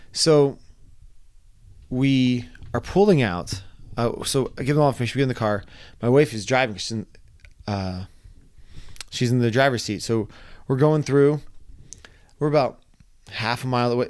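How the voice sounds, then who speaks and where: A man's voice: mid-range voice, darkish tone, no room sound. Rambling man telling a story, dry sound. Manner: rambling, repeats words, acts out quotes. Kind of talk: casual storytelling.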